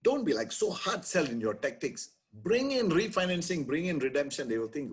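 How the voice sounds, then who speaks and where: Brief: middle-aged Singaporean male lawyer, husky voice, fired-up webinar coaching with Singlish touches. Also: fairly high pitch, moderate pace, hardly any pauses. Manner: energetic, animated, peppered with Singlish particles. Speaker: lawyer giving a webinar to property agents. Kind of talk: motivational webinar talk.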